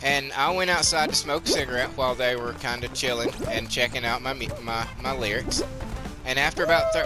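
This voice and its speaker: A man with a twangy Southern drawl talks casually, candid and rambling, swearing as he goes. He hosts his own gameplay commentary at an ordinary pitch. Game music plays clearly behind him. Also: a little fast. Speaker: gaming channel host.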